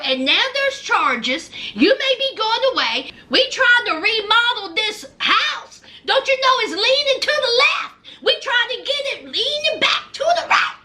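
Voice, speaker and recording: A woman voicing an upset woman who fires off fast, indignant complaints at her partner. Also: very high-pitched, bright, forceful tone, pitched above the performer's own voice, heavily acted.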